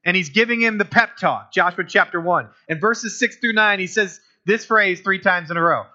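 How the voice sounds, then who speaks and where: A man delivers a conversational sermon, leaning on questions to the congregation. His voice sits fairly high and cuts through with a sharp, bright edge. The recording is dull and lo-fi. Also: moderate pace. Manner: conversational preaching with rhetorical questions. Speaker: pastor.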